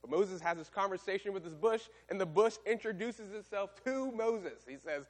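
A man preaching a sermon, retelling a story with lively, animated delivery and acted-out voices. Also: high voice, normal speed, long reverb tail. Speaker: pastor.

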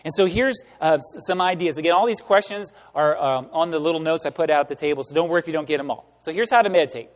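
A man giving a sermon as pastor, animated and emphatic, asking the room rhetorical questions. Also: a little high, quick pace, few pauses, big-room sound. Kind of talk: sermon teaching.

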